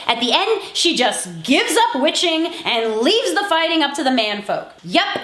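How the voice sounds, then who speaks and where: A woman co-hosting a film review show, ranting in an exasperated, animated way. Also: sits high, unhurried, hardly any pauses, roomy sound. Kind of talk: scripted review commentary.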